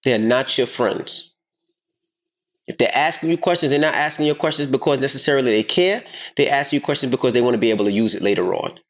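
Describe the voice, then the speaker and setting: A man in his thirties co-hosting a casual podcast, telling a story with lots of swearing and loudly acting out the voices of the people in it. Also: medium pitch, fast. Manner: animated, profane, acts out quotes loudly. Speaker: podcast co-host.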